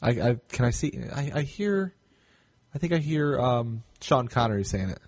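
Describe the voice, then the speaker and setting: A man's voice: medium pitch, normal speed, no echo. A man joking and rambling as a panelist on a casual podcast. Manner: rambling and joking, with animated intonation.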